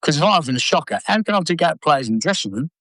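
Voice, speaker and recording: An older former footballer telling blunt, sweary stories in an interview. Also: male voice, a little high, racing, no echo, rough recording. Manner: blunt, sweary, animated anecdotes. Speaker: former footballer and manager, guest. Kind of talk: casual storytelling interview.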